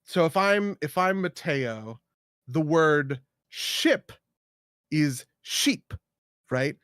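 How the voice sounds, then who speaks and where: A man's voice: on the high side, animated, slow pace, a bit bright, clear, resonant tone, no room sound, clean studio sound. A man co-hosting a casual podcast, rambling with many fillers and tagging his points with "right?". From United States. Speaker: podcast co-host. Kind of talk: casual chat.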